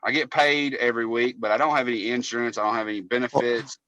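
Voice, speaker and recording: A man's voice: mid-range voice, fairly even intonation, fast, sharp tone, muffled recording. A man, co-hosting a casual podcast and telling long, profane stories. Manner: profane, rambling storyteller. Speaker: podcast co-host, cable technician.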